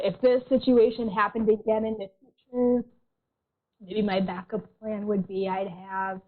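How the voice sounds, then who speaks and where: A woman counselor giving an online workshop in a gentle, reassuring way, often clearing a tickle from her throat. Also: medium pitch. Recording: tinny phone-like audio.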